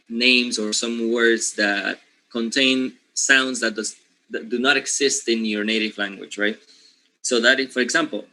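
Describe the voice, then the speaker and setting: Bright-voiced man lecturing with a Spanish accent. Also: medium pitch, rough recording. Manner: repeats words, checks in with "okay?" and "right?". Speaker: professor. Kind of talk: university lecture.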